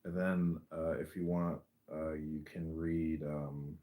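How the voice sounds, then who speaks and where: A man's voice: a bass voice, little pitch movement, slow, mellow. A man hosting a podcast, chatting casually with rambling, encouraging talk full of fillers. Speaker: podcast host. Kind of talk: casual chat.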